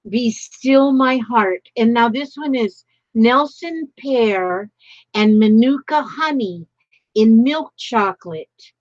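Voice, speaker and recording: A woman's voice: fairly high pitch, slow pace, no room sound, dull audio. An older woman chatting casually while opening happy mail, gushing and exclaiming often. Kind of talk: casual live-stream chat.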